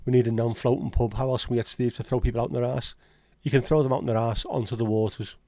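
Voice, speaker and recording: A man with a Scouse accent hosts a relaxed livestream chat. His voice is mellow and warm, recorded close and dry. He talks in blunt, sweary banter as he reads and answers comments. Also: mid-range voice, fast, no echo. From Liverpool, England. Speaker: livestream host. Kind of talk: casual chat reading live comments.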